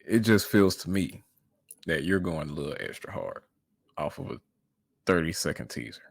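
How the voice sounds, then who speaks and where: A man hosting a reaction video, answering another creator in a casual, measured way and repeating words as he presses his points. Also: extremely low pitch, expressive, creaky, dry recording, studio quality.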